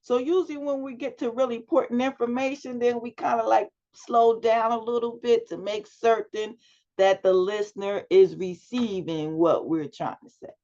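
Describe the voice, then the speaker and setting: Gravelly woman coaching over a video call. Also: fairly high pitch, steady tone, normal speed, mellow. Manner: coaching, asks questions and prompts students. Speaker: public speaking instructor. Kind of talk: class feedback over video chat. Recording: dull lo-fi video call audio.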